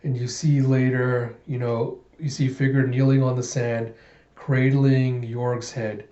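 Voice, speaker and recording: A man reading a comic book aloud in a casual, excitable way, narrating the panels. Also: medium pitch, measured pace, echoey room, dull audio. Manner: casual, excitable, laughs often. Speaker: comic reader.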